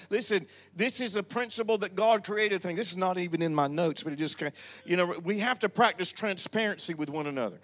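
High-pitched older male preacher. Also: fast, fairly bright tone. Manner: preachy, calls on the congregation to respond. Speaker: pastor. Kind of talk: sermon. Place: church.

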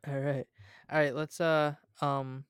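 A man's voice: on the high side, takes it slowly, smooth, no room sound, studio quality. Young man reading a story aloud. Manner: relaxed, laughs at his own reading. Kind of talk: casual chat and story reading.

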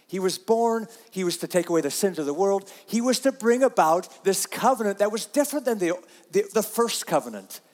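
A man's voice: high-pitched, lively intonation, a little fast, a little mellow, big-room sound. A man preaching a sermon, earnest and repeating himself, reading scripture aloud. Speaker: pastor.

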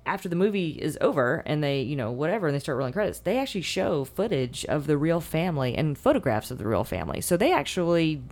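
A woman with a notably low voice in relaxed chat. She talks expressively and loses her train of thought now and then while hunting for a word. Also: quick pace, few pauses. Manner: chatty and expressive, trails off searching for words. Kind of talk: casual chat.

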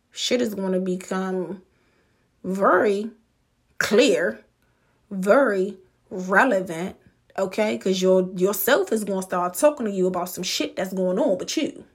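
A woman hosts a podcast and talks straight at the listener, blunt and full of swearing. She takes her time and leans hard on the words she wants to land. Her pitch sits in an ordinary middle range. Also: unhurried, husky. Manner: blunt, profane and emphatic, drawing out key words. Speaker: podcast host. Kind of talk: motivational monologue.

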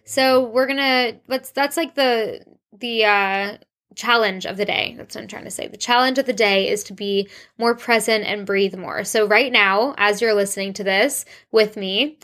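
A woman's voice: mid-range voice, moderate pace, a bit bright. A young woman hosting her own podcast, giving a casual, gushing solo update with lots of rambling and "like". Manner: bubbly, gushing, rambling with frequent "like". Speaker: podcast host.

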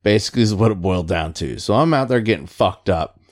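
A man's voice: fairly low pitch, lively intonation, quick pace. A middle-aged man, a Navy veteran, telling rambling stories in casual chat, swearing freely and laughing along.

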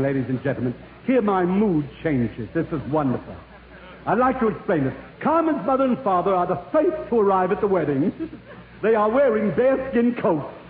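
High-voiced comedian on tinny old radio. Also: male voice, roomy sound, a little hiss or hum. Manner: chuckles at his own punchlines, mock-serious opera explainer. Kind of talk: stand-up comedy routine to an audience.

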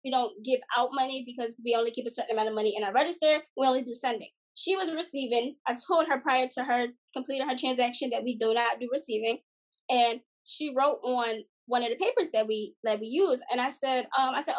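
A young woman with a high, light voice tells a story in casual podcast chat. She restarts her sentences often and breaks into laughter between them. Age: 20s. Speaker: podcast guest.

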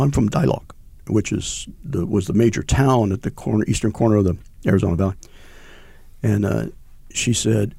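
Older man, gravelly, dark low voice, rambling with fillers, dry close sound. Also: no room sound. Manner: rambling, many fillers and restarts. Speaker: veteran interviewee. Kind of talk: conversational recollection.

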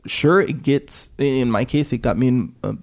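A man's voice: medium pitch, moderate pace, darkish tone. Laid-back man rambling in casual chat. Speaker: podcast co-host.

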